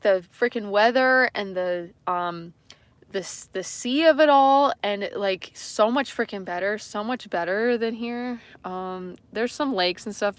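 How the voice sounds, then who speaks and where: A woman's voice: medium pitch, fairly bright tone. A young woman with a subtle western Canadian accent talks loosely to her livestream viewers. Her speech rambles, full of fillers and self-deprecating asides. The sound is dry and close, with no room echo. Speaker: livestream host. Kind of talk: casual livestream chat reading comments.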